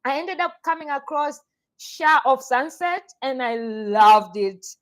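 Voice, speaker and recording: A woman co-hosting a casual podcast chat, animated and slangy, swearing casually. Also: sits high, measured pace, rough recording.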